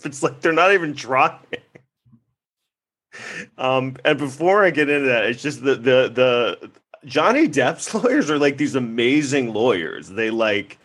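A man's voice: mid-range voice, animated, measured pace, a bit bright. A male vlogger in casual commentary, rambling, swearing freely and breaking into laughter often.

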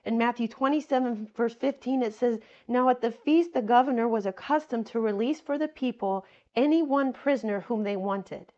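Woman preaching, kinda high voice, earnest, repeats stuff for emphasis, muffled lo-fi recording. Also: moderate pace, hardly any pauses, a little mellow. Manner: earnest, repeats phrases for emphasis, addresses listeners as my friends. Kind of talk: sermon reading and explaining scripture.

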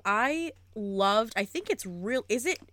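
A young woman co-hosting a podcast, chatting casually and excitably about books and swearing freely. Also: a little high, takes it slowly, dry recording. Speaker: podcast co-host. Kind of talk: casual book chat.

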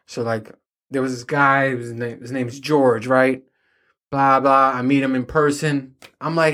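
A man's voice: mid-range voice, little pitch movement, moderate pace, a bit bright. Profane, rambling storytelling man. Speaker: solo podcast host. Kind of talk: casual monologue to an audience.

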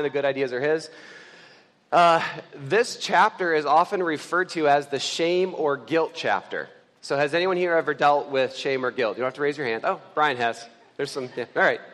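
Young male pastor, casual halting preaching style, slightly high voice, long church reverb. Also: fairly bright tone. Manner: halting, many fillers and restarts, earnest. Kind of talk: casual conversational sermon. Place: church sanctuary.

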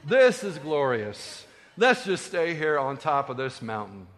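A man's voice: fairly high pitch, very animated, measured pace, fairly bright tone. A man voicing an eager male disciple who gushes and pleads to stay, in a hall with long reverb. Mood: gushing. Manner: gushing, pleading, overexcited.

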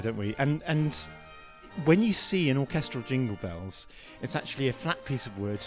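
Male podcast co-host, chatty and playful, mid-pitched, soft music faintly behind. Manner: chatty, playful, self-deprecating. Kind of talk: casual chat about classical music.

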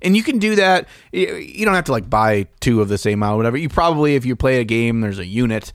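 A man's voice: mid-range voice, expressive, fast, dry recording, clean studio sound. A young man co-hosting a podcast about miniature painting, chatting casually in a laid-back, jokey way and often restarting his sentences. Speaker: podcast co-host.

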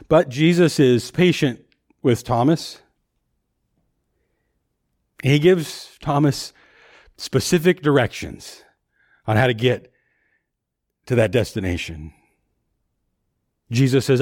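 A man's voice: mid-range voice, animated, slow, pauses often, darkish tone. A man preaching a sermon in a conversational way, often repeating words as he thinks aloud.

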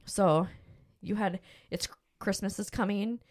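A woman's voice: mid-range voice, fairly even intonation, measured pace, darkish tone. A middle-aged woman hosting a podcast, telling a personal story in a rambling, emotional way with lots of fillers. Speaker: podcast host. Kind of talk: casual storytelling chat.

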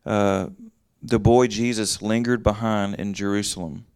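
A man with a low, resonant voice leads a casual Bible teaching. He reads a passage, then explains it in plain everyday words. The sound is dry and close, with almost no room around it. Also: fairly even intonation, measured pace, creaky, darkish tone, clear, resonant tone, no echo. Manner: conversational, reads verses then explains them in plain talk.

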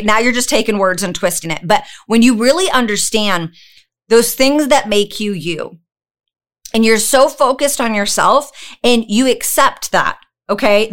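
Female business coach, high-ish voice, loud and passionate, emphatic motivational delivery. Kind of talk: motivational monologue.

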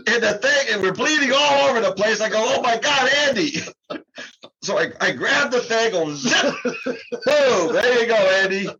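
A man's voice: high voice, expressive, moderate pace, sharp tone, a little hiss or hum. An older man telling a story as a guest in a casual talk, chatty and laughing and trailing off with fillers, recorded on dull, lo-fi audio. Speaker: guest, drum shop co-owner.

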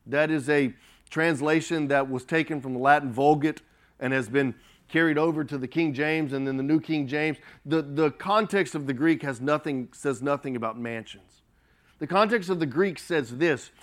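Pastor guy preaching, kinda high voice, slow emphatic lines that swell up and drop off. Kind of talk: sermon.

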